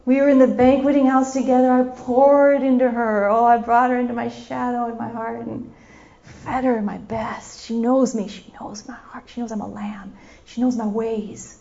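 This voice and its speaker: A woman's voice: mid-range voice, flat delivery, mellow, lightly acted. A woman preaching, voicing Jesus as a grown man who muses tenderly to himself. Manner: tender, slow musing. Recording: dull lo-fi recording.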